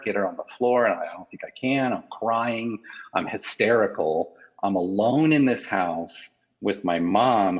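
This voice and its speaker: A man in an interview, telling a painful personal story in a halting, emotional way with many restarts. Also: lowish voice, breathy edge, dull audio.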